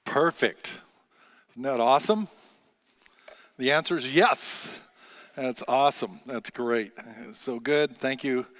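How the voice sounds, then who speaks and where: Man, pastor, sermon, conversational and joking, mid pitch, lots of "uh" pauses. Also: fairly bright tone.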